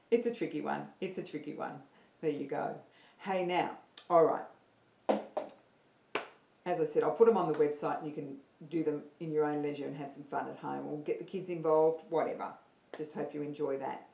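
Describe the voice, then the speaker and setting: A woman's voice: low voice, moderate pace, gravelly, long pauses, mellow, roomy sound. A woman teaching an online singing lesson, upbeat and counting her students in.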